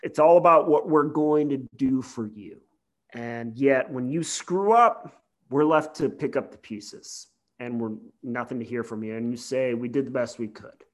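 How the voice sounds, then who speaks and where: Animated man on a legal podcast. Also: medium pitch, unhurried. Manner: animated, swearing, long winding explanations. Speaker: podcast co-host. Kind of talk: casual podcast discussion.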